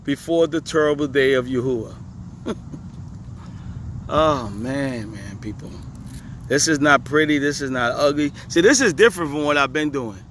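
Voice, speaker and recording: A man's voice: mid-range voice, lively intonation, normal speed, long pauses, fairly bright tone, slight background noise. A man teaching scripture in a casual video, repeating his points with emphasis and chuckling often. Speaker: religious teacher.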